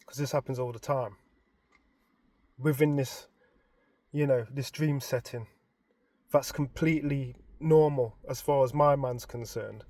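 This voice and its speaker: A man, casually retelling a story in an animated, expressive way. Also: medium pitch, a little slow, pauses often, no room sound. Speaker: vlogger.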